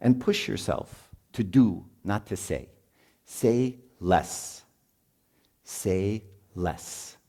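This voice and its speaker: A middle-aged man talks to parents in a loose, chatty sermon, tossing in "right?" again and again. His voice sits a bit low, with a soft, mellow tone. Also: drawn-out words. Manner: informal, peppered with "right?", acts out parents and kids. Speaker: speaker at a marriage retreat.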